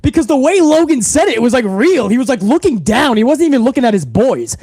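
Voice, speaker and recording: A man's voice: very high voice, big pitch swings, quick pace, mellow, husky, no echo. A man hosting a wrestling livestream, talking casually and profanely straight to his viewers.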